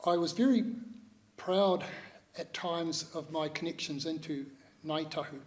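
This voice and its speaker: A man in his sixties with a New Zealand accent, giving a measured, reflective talk to an audience, pausing often. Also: on the high side. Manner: measured, reflective, with many pauses and hesitations. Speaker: speaker at a public talk.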